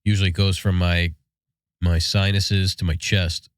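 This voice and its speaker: A man's voice: low voice, little pitch movement, moderate pace, smooth, dry recording, clean studio sound. A man in his thirties with a stuffy, nasal voice from a cold, chatting easily as a podcast co-host. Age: 30s. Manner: easygoing, rambling with fillers. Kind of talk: casual chat and read sponsor ads.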